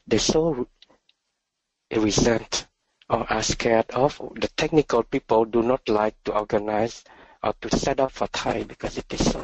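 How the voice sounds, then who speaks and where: Man, meditation teacher, dharma talk, soft-spoken, halting, very slow, dry close sound. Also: mid-range voice, no room sound, low-quality recording.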